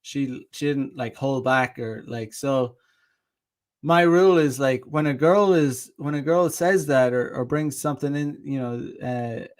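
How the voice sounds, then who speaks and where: A man's voice: mid-range voice, a little slow. A man hosting his own channel, telling a dating story in a rambling, casual monologue with frequent restarts, swearing and short laughs. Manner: reads out viewer comments. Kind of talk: casual monologue with reenacted dialogue.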